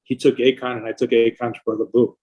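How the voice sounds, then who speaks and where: A man's voice: mid-range voice, little pitch movement, fairly quick, slightly rough, lo-fi sound. A middle-aged man, a record label founder, telling long profane anecdotes in a casual interview.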